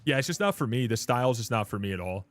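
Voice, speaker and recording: A man's voice: medium pitch, lively intonation, fast. A man chatting loosely on a live stream. He swears freely, laughs often and keeps calling people dude and brother. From Canada. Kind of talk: casual live-stream chat.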